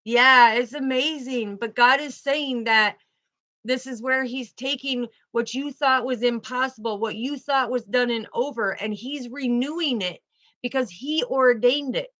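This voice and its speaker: Bright-voiced woman giving a tarot reading. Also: a little high, unhurried, dry recording. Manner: emphatic, repeats key phrases. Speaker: tarot card reader.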